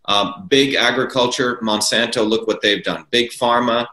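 A man's voice: medium pitch, fairly even intonation, normal speed, bright, forceful tone. A man arguing his political views as an interview guest, emphatic and repeating key words for stress. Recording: roomy echo.

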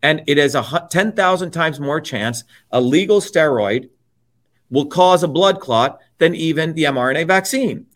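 A man with a somewhat high voice rants as a guest on an interview show. His delivery is heated and forceful, full of profanity and repeated jabs. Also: animated, moderate pace. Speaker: interview guest, political candidate. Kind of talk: heated political rant.

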